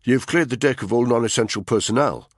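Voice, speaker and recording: A man's voice: mid-range voice, a little fast, dry recording, studio quality, pitched above the performer's own voice, close to an everyday voice. A male narrator voicing a brash, crude, mocking special forces soldier in an audiobook thriller. He sounds swaggering and scornful.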